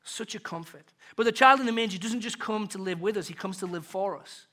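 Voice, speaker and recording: A British man preaching a sermon to his congregation. He asks rhetorical questions and swings from loud to soft. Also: high voice, fairly quick. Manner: rhetorical questions, builds and drops in volume. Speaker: pastor.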